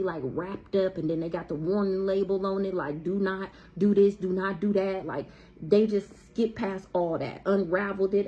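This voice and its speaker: A woman's voice: mid-range voice, lo-fi sound. A woman with giving a blunt, profane, heated tarot reading to camera in a casual monologue. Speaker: tarot reader.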